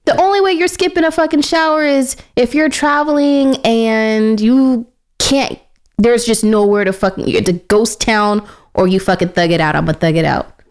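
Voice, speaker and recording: A woman's voice: on the high side, normal speed. A woman co-hosting a radio podcast in casual chat, blunt, profane and opinionated. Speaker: podcast co-host. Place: podcast studio.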